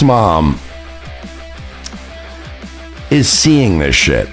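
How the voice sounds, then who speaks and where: A man with a fairly low voice hosts his own stream, talking in a rambling, mocking way with lots of swearing. His pitch swings widely as he talks, and faint guitar music plays in the background. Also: big pitch swings, moderate pace. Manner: profane, rambling, mocking, full of "like" fillers. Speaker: streamer and show host. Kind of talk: casual stream commentary.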